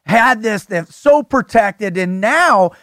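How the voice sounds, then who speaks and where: A man hosting a podcast, excitable and gushing, often restarting his sentences. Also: high voice, slow, dry recording, clean studio sound. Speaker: podcast host. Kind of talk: casual podcast conversation.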